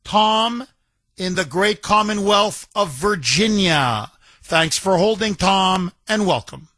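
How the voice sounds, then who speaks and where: A man's voice: sits high, animated, slow pace, sharp tone, no echo. A man hosting a call-in talk radio show, chatty and folksy, often cutting in on callers.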